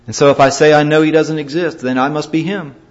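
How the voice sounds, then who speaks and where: A male preacher delivering a sermon, swinging from loud, emphatic scripture reading to quiet, grave warnings. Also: a little high, steady tone, quick pace. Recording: dull lo-fi recording.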